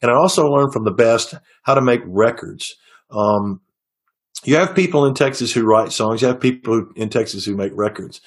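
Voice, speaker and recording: A middle-aged singer-songwriter talking casually in an interview, telling long stories with many restarts and fillers. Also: male voice, mid-range voice, moderate pace. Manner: rambling storyteller with frequent restarts.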